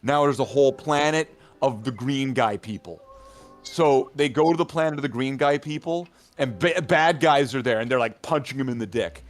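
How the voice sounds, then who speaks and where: A man's voice: medium pitch, moderate pace, faint music behind. A man in casual chat among friends, telling a long rambling story full of fillers and repeated "right?" checks. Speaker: hobby gaming channel regular.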